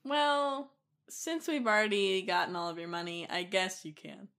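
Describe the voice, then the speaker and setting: Giggly cohost girl w a bright sharp voice, teasing. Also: mid-range voice, normal speed, vocal fry. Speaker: podcast co-host. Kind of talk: casual comedic chat.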